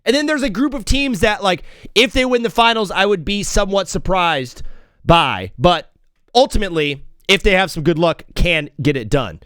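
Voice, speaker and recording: A young man hosting a casual sports talk show, joking and shifting quickly between loud outbursts and mumbled asides. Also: high-pitched, animated, clean tone, dry recording, clean studio sound. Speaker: host.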